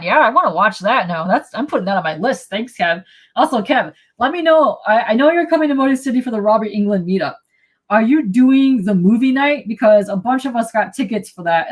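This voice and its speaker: A woman hosting a casual live podcast chat, excitable and quick to laugh, reacting to viewer comments. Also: medium pitch. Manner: excitable, laughs often, reads chat aloud. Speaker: podcast host.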